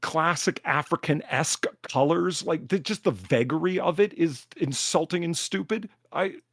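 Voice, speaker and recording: A man's voice: a little high, normal speed, fairly bright tone, dry recording, clean studio sound. A man hosting a livestream talk show, ranting emphatically and cursing freely while reading out donations. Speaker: podcast host.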